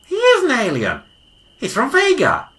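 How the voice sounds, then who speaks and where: A woman voicing an excitable male time-travelling weasel doctor in a hobby audio drama, theatrical and bossy. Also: sits high, moderate pace, heavily acted. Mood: excited. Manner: theatrical, bossy, easily bored.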